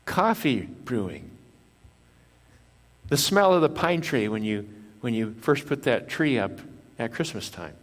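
A man of middle pitch preaching to his congregation from a church sanctuary, his voice carrying a long hall reverb. He repeats his key lines for emphasis and keeps putting questions to the listeners. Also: very animated, a little slow, long pauses. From Japan. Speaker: pastor. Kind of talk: sermon.

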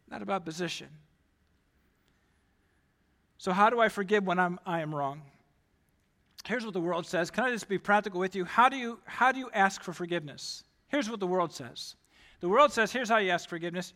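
A male pastor preaching a sermon, talking emphatically and climbing louder on key points. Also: sits high, normal speed. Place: church. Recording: long hall reverb.

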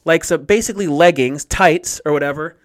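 Animated young man, slightly high voice. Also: fairly quick. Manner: animated, swears freely, rambling storyteller. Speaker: podcast co-host. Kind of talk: casual chat.

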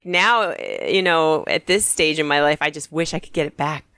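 A middle-aged woman guest telling stories in a wry, animated way in a casual interview. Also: low voice, normal speed, music in the background. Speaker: podcast guest.

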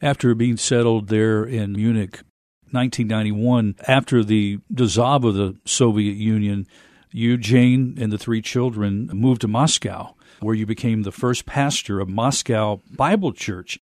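A man hosting a radio interview, asking measured questions with long setups. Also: fairly low pitch, darkish tone, dry recording, clean studio sound. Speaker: radio show host.

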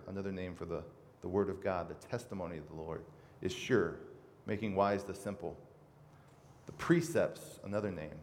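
A man preaching a sermon as pastor, earnestly reading scripture aloud with emphasis. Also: sits low. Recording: reverberant hall with faint noise.

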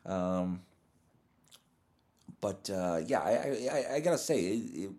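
A man hosting a podcast, rambling through a crude, profane comedic monologue in a deadpan, mock-serious way. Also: low-pitched, slow. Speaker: podcast host.

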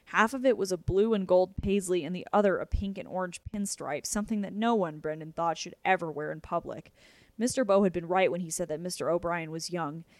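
A woman narrating a novel aloud in a steady, even storytelling manner. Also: fairly low pitch, fairly quick, dry recording. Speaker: audiobook narrator.

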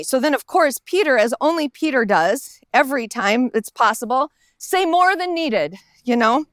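A woman pastor preaching in a casual, conversational way, slipping into the voices of the people in the story. Her voice sits high, and the sound is close and dry, with little echo around it. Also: animated, moderate pace, hardly any pauses. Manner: conversational, acts out the Bible characters' lines. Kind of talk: sermon. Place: outdoors in a park.

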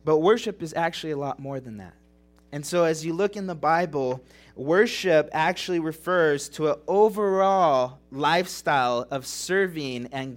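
A young man preaching a sermon as pastor, earnest and emotional, repeating phrases and asking rhetorical questions. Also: fairly high pitch. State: tearing up.

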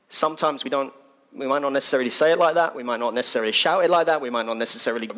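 Animated preaching man. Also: mid-range voice, rapid-fire. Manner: animated, conversational, emphatic repetitions. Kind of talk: sermon.

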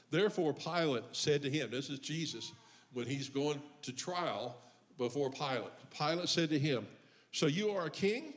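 A man's voice: fairly high pitch, lively intonation, measured pace. An older man preaching a sermon as pastor, joking and folksy between scripture readings. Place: church.

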